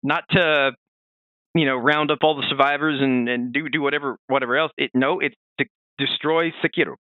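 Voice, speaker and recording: A man co-hosting a casual podcast, chatting in an animated way with many fillers and restarts. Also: medium pitch, fairly quick, no echo, phone-quality sound. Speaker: podcast co-host.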